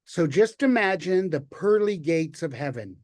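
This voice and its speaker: A man who is a guest poet, telling a story in an unhurried, relaxed way. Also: on the high side, no echo. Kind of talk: spoken storytelling.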